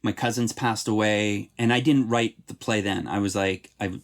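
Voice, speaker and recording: A middle-aged man from Canada, a playwright, speaking earnestly and with feeling in a podcast interview, and growing animated when he talks about laughter and tears. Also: fairly low pitch, normal speed. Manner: earnest, heartfelt storytelling.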